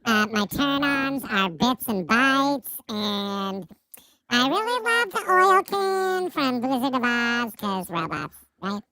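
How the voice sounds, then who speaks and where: A woman's voice: on the high side, very animated, takes it slowly, pushed and bright, exaggerated voice. A woman voicing a tiny, sweet, flirty female robot, in a coy singsong way.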